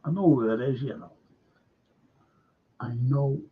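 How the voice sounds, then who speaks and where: Husky liverpool guy hosting a live chat, reading comments out slow, kinda dull lo-fi sound. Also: medium pitch. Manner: chatty, reading out viewer comments. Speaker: fan channel host. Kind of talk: casual live-stream chat.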